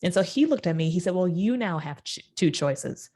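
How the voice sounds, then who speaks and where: A woman guest in an interview telling a personal story, acting out the quoted voices with sudden jumps in pitch. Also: animated, normal speed, mellow.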